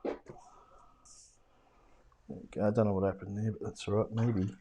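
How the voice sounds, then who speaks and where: A man's voice: on the low side, flat delivery, moderate pace, warm tone, slight background noise. An Australian man giving a casual watercolour demo, muttering offhand remarks to himself as he paints and sometimes dropping to a whisper. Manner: self-mocking, offhand with mild swearing.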